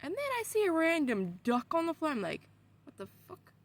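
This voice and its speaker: A woman vlogger telling a story in casual, excitable talk, swearing often. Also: sits high, fairly quick.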